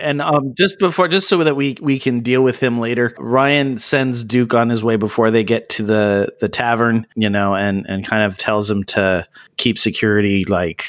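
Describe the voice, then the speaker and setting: A man's voice: on the low side, moderate pace, dry recording, clean studio sound. A man playing a tabletop game, explaining his plans with hesitant restarts. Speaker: player. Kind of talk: casual chat at a game table.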